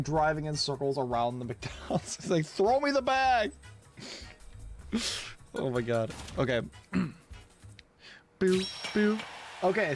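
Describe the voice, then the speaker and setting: A young man commentating on a live stream, his voice a little high and swinging all over as he exclaims at the action. He laughs often and drops into brief character voices. Game music plays clearly behind him.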